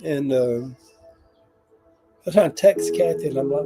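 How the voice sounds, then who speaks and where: A man's voice: on the high side, measured pace, pauses often, over loud music, rough recording. Tender man rambling on a livestream. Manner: rambling, emotional and tender, reading viewer comments aloud. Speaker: livestream host. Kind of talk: casual livestream talk.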